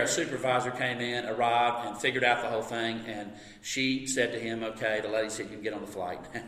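A male pastor delivers a sermon with a bright, forceful voice. He tells stories with animation and slows to a soft hush on reflective points. The sound rings with a long hall reverb. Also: medium pitch. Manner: storytelling, animated when recounting, soft and slow on reflective points. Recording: echoey hall.

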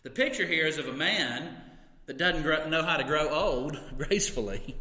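Bright-voiced preacher in an echoey hall. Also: male voice, a little high, normal speed. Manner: earnest, conversational preaching with occasional laughs and asides. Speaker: pastor. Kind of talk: sermon. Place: church sanctuary. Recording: echoey hall with long reverb.

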